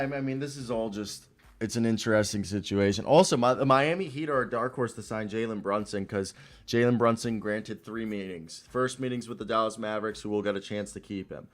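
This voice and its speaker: A young man from Minnesota co-hosting a casual talk show, rambling and swearing his way through stories. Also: fairly low pitch. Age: young adult. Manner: rambling, profane storytelling. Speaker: co-host. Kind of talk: casual chat.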